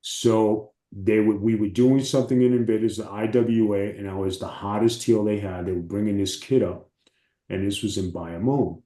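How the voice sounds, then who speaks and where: A man, a former wrestler, telling profane, animated stories as an interview guest. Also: lowish voice, normal speed, roomy sound. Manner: animated, profane storytelling with acted quotes. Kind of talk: casual storytelling.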